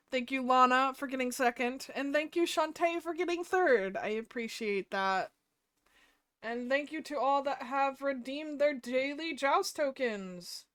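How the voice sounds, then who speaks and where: A woman's voice: sits high, a bit bright, no echo. A woman live streaming, chatting casually and playfully with her viewers while she colors, swearing now and then.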